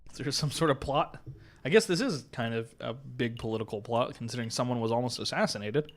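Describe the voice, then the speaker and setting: A man's voice: medium pitch, animated, fairly quick. A man streaming a game live, commenting casually with frequent swearing and laughter.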